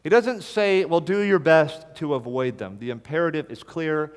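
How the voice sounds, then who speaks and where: Pastor, male, fairly high voice, forceful repeated imperatives, sermon in a reverberant hall. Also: normal speed, clear, resonant tone. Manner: emphatic, hammering repeated imperatives.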